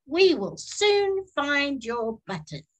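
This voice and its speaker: A woman's voice: high-pitched, very animated, takes it slowly, pitched above the performer's own voice, heavily acted. A woman doing a kind, cheerful little frog. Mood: reassuring. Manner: cheerful, reassuring. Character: kind helpful frog, male, small.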